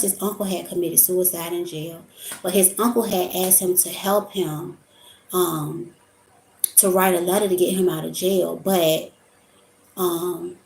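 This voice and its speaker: A woman's voice: on the low side, vocal fry, a little mellow, slight background noise. A woman vlogger talking casually about spiritual topics in a rambling, storytelling way. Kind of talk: casual monologue. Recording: echoey room.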